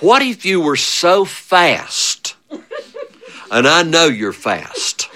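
A man telling a funny childhood story, animated and chuckling often, with big swings of voice. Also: on the high side. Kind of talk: spoken storytelling.

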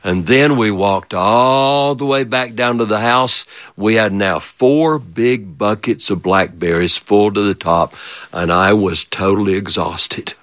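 A man storyteller telling a childhood story in an animated way, repeating phrases and turning to his listeners with playful questions. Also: on the low side, measured pace, no room sound. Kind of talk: oral storytelling of a childhood memory.

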